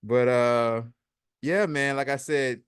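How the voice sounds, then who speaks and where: A man's voice: mid-range voice, takes it slowly, clear, resonant tone, no room sound. Chatty man hosting a dry-sounding commentary vlog. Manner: chatty, sarcastic, repeats himself; reads posts aloud and adds his own comments. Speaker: host.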